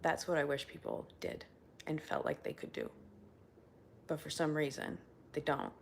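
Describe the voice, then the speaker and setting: A woman talking through her feelings in a casual solo check-in, candid and rambling, swearing freely and sometimes dropping to a hushed voice. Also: sits low, big pitch swings, moderate pace, vocal fry, a little hiss or hum. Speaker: video diarist.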